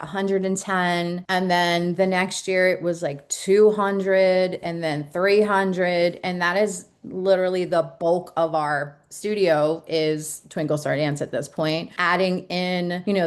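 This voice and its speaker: A woman's voice: medium pitch, clear, resonant tone. A woman in her forties, a dance studio owner, chatting as a podcast guest in a chatty, grateful way with many fillers. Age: 40s. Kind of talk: casual podcast chat.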